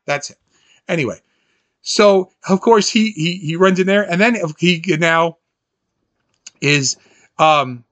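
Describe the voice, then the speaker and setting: High, bright-voiced animated man. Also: slow pace, pauses often, dry recording. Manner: animated, quotes scenes in jumpy high voices, laughs often. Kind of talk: casual film recap chat.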